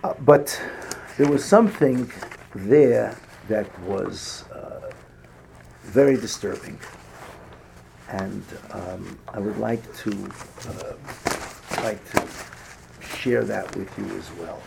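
An older man giving a Torah lecture as a rabbi, halting with many restarts and fillers, rising in emphasis as he lists sources. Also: fairly low pitch, vocal fry, warm tone. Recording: faint background noise.

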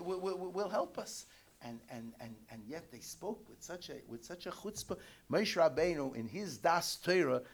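Guy giving a torah shiur, gravelly voice, ashkenazi hebrew quotes sung out then halting english. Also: fairly high pitch, slight background noise. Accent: Yiddish-inflected Ashkenazi Hebrew pronunciation. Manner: chanted quotes, then halting explanation, frequent repeats. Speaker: rabbi teaching Torah commentary.

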